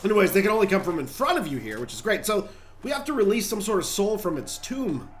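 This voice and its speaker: A man's voice: high voice, big pitch swings, quick pace, slight background noise. A man hosting a gaming channel, giving chatty, rambling gameplay commentary and talking straight to viewers.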